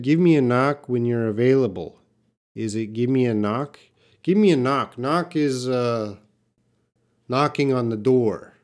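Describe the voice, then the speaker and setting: A man teaching English live, answering viewer questions one by one. He talks slowly and unhurriedly at a middle pitch, stopping to restart sentences and fill gaps as he works out each explanation. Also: darkish tone. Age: young adult. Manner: slow, patient explaining with restarts and fillers.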